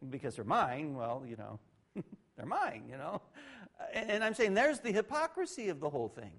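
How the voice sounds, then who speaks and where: Very animated at a normal speed, a middle-aged male pastor delivers a conversational sermon. He swings from loud sarcastic impersonations to low, muttered asides.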